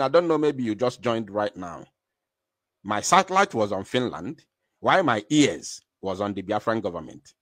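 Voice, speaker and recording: A man's voice: medium pitch, fairly bright tone, no echo, clean studio sound. A Nigerian man giving impassioned live commentary, emphatic and full of rhetorical questions.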